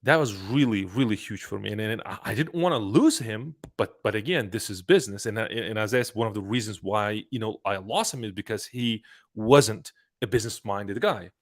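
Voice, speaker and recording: Speaking on the low side and fairly quickly, this young trucking business owner chats casually and hands out advice with animation. Repeated words and restarted sentences come up often.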